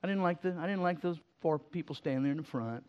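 A man's voice: on the high side, fast, clear, resonant tone, voice pushed up, lightly acted. A man mimicking a sulky, hard-to-please young churchgoer who mumbles and drags out complaints. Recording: slightly muffled sermon recording.

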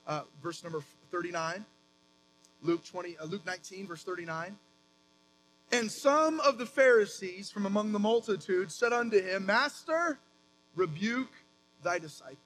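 A man in his thirties preaching a sermon as pastor, with animated emphatic rises and quick asides. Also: high voice, a little hiss or hum, poor audio.

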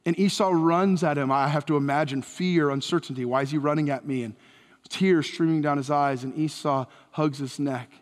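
A fairly high-pitched man preaches from the pulpit, and his words trail into a long hall reverb. He retells an old story with animated, acted-out dialogue. The sound is that of a church sanctuary. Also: normal speed. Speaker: pastor. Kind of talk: sermon.

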